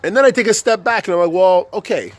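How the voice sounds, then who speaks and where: In a high, fairly bright voice that comes out rapid-fire, with no echo on the recording, a young male vlogger rants to camera to motivate. It's unscripted, profane and repetitive, with stumbles and restarts as his temper climbs.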